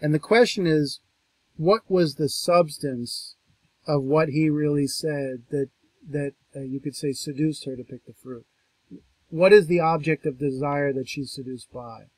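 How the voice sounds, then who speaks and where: A man lecturing on a scripture passage, reading verses aloud in a raised, slower voice and then explaining them casually, thinking aloud with restarts and asides. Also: a little high, dry recording. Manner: reads quoted verses louder and slower, then explains conversationally. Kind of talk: reading and commenting on a text.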